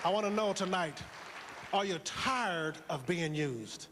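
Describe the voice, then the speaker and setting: Male motivational speaker, high voice, preacher-like cadence, reverberant hall. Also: expressive, a little slow, a crowd in the background, noisy background. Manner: preaching, rhetorical questions, repetition. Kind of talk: motivational speech to a live audience.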